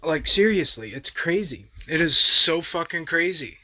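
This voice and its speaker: A young man goes off in casual reaction-video commentary, heated and profane. His voice sits a little high and comes across bright and tense, with an exasperated edge throughout. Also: animated, a little slow.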